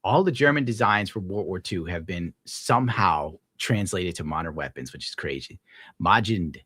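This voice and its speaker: Low-voiced and animated, this young streamer speaks at a moderate pace with a bright, forceful, slightly rough tone and no room sound. In casual livestream chat he reads viewer tips aloud and launches into profane, heated rants.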